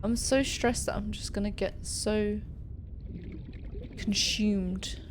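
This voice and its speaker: A woman's voice: mid-range voice, steady tone, takes it slowly, slight background noise. A young woman streaming a scary game, jumpy and chatty, talking to the creatures she meets. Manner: jumpy, talks to game creatures, screams when startled. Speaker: gaming streamer. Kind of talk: casual let's-play commentary.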